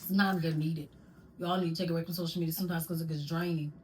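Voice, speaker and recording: A woman's voice: sits low, steady tone, very fast, darkish tone, a little hiss or hum, poor audio. A woman chatting casually to her viewers in a vlog at home, rambling and tripping over her words now and then. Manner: addresses viewers with "y'all". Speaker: vlogger. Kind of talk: casual chat to camera. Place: home at night.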